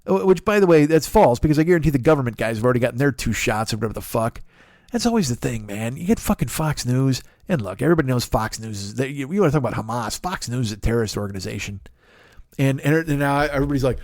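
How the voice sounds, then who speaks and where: A man's voice: a little high, big pitch swings, quick pace, a little mellow, no room sound, studio quality. A man in his forties hosting a comedy podcast, delivering a profane, ranting monologue full of mocking impressions. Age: 40s.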